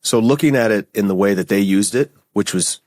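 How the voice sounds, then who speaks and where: A man speaking as a podcast guest in a very deep voice, casual and easygoing, often tagging his points with "right?". The sound is dry and close to the mic. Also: fairly quick, a little mellow, no room sound. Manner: casual, frequent "right?" and "like" fillers. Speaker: podcast guest, company founder. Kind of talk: conversational interview.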